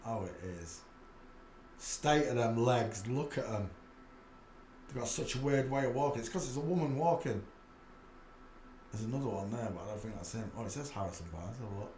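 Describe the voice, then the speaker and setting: A man's voice: on the low side, darkish tone, roomy sound, a little hiss or hum. A man with a Yorkshire accent giving a muttered running commentary as he browses images for his channel. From England. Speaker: channel host.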